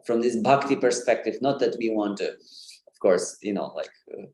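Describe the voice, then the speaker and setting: A man's voice: fairly low pitch, expressive, normal speed, a little mellow, roomy sound. A man giving an informal online lesson on pronunciation, with many fillers and light laughs. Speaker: Sanskrit pronunciation presenter.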